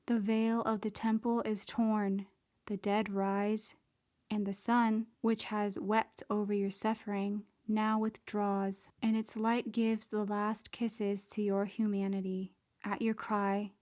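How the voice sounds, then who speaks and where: A woman's voice: medium pitch, darkish tone. A woman reading a devotional prayer text in an earnest, prayerful way. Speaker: devotional reader.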